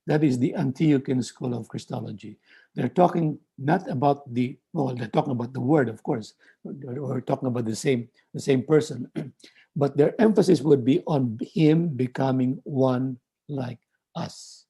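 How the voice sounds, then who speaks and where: A man lecturing on theology in a measured way, often repeating words and restarting phrases. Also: medium pitch, dark tone, slightly rough.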